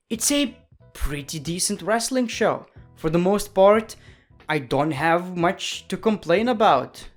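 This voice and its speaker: A man talks through his review of a wrestling show in a loose, chatty way. His voice sits a little high for a man, and he fills the gaps with "you know" and "uh" and often corrects himself. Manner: chatty, opinionated, with frequent fillers and self-corrections. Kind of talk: casual review commentary.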